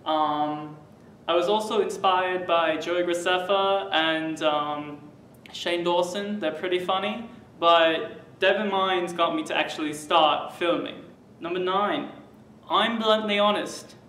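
A young man puts on a muddled fake British-Australian accent, slow and high-pitched, full of ums and proud claims. He sits back from the mic in a roomy, echoing space with a faint hum behind. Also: a bit bright, recorded from a distance. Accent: fake British-Australian mix. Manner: listing facts with many ums and pauses, boastful.

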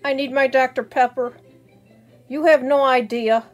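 A woman's voice: high-pitched, steady tone, a little slow, faint music behind. A woman voicing a grumpy man who complains dramatically about running out of his favorite soda, in a homemade skit. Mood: desperate.

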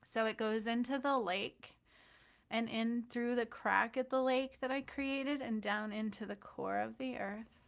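A woman energy healer leading a guided healing meditation, talking softly and loosely with fillers and gentle check-ins. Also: a little high, steady tone, a little slow, vocal fry.

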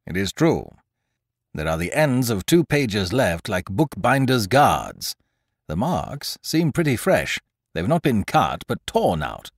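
A man's voice: lowish voice, sing-song, slow, husky, no room sound, clean studio sound, heavily acted. A man doing a careful, observant scholar. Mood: explaining. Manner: careful, explaining.

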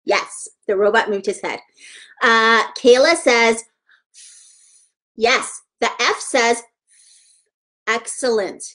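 A woman's voice: a little high, slow pace, pauses often, fairly bright tone. A woman teaching a live online letters-and-sounds lesson to young children, encouraging and sing-song as she praises each child by name.

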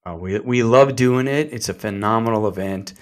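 A man who is a CEO, talking as a podcast guest in a relaxed way, with many fillers. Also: on the low side, moderate pace. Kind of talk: casual interview talk.

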